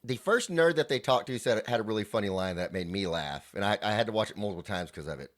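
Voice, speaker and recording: Laid-back lower-voiced man chatting. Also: lively intonation, quick pace. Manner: chatty, laughs often, retells scenes with quoted lines. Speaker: podcast co-host. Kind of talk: casual chat about a TV show.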